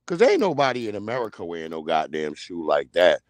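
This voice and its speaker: A man's voice: low-pitched, fairly quick, no room sound. A man hosting a livestream, telling stories in a casual, profane comedic rant. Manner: animated, profane storytelling. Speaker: livestream host.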